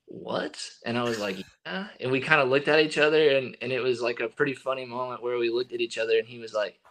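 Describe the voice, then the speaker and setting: A young man being interviewed tells a story in an easy, casual voice. His delivery wanders, full of fillers and half-finished starts before he finds the thread. His pitch sits in an ordinary middle range. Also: fast. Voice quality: relaxed, filler-heavy with many likes and restarts. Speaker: guest, baseball relief pitcher.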